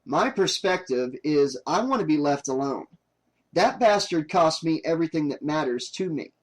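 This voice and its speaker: A man voicing a bitter survivor of a killer, talking gruffly and curtly. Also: fairly high pitch, expressive, moderate pace. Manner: gruff, curt, angry.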